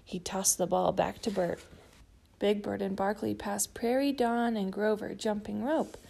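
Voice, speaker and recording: A woman narrating a children's storybook in a gentle, steady way. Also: medium pitch, measured pace, vocal fry. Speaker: storybook reader.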